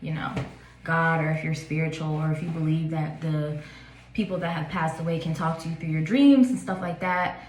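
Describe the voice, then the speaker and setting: A woman's voice: low-pitched, fairly even intonation, normal speed, a little hiss or hum. A woman in her twenties telling a personal story in a casual, chatty vlog, with lots of "like" and fillers. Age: 20s. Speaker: vlogger. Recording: echoey room.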